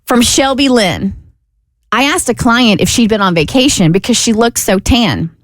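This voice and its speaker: Lively, animated woman radio co-host. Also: on the high side, normal speed, no echo, studio quality. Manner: animated storyteller, laughs often. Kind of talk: casual radio chat, reading listener stories.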